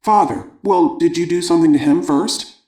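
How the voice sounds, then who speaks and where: Dad lecturing his kid, read by a guy, mellow voice, roomy echo. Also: fairly high pitch, moderate pace, recorded from a distance, natural voice. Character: lecturing father, impatient with his son.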